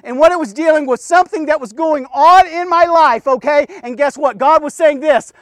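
A man preaching a devotional sermon, emphatic and full of rhetorical questions and "okay?", swinging between loud urging and hushed low talk. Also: moderate pace, no echo.

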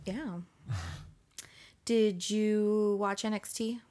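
A woman's voice: medium pitch, lively intonation, extremely slow, dark tone. A woman co-hosting a podcast in casual chat, laughing often as she talks. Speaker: podcast co-host.

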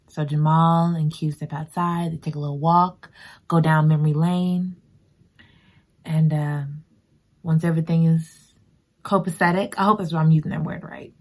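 A woman recapping a book in a casual, expressive way, exclaiming and reacting emotionally as she talks. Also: on the low side, a little slow. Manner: expressive and emotional, exclaiming and talking back to the story. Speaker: book reviewer.

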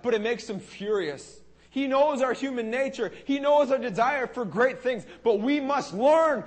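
A man preaching a sermon to a congregation, animated and dramatic, acting out the words of God and the Israelites. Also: very high-pitched. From Canada. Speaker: pastor.

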